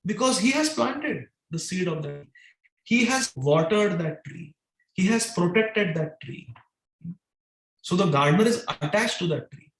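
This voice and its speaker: A man's voice: high-pitched, measured pace, echoey room, a little hiss or hum. A man giving a devotional scripture class, chanting verses and dramatically voicing sarcastic questions to his listeners. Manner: animated, dramatic, voices the gopis' sarcastic questions.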